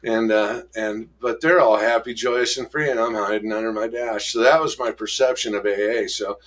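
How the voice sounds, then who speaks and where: A middle-aged man candidly telling his life story in an interview, rough-spoken, acting out old arguments in raised voices. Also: lowish voice, steady tone, normal speed, a bit bright.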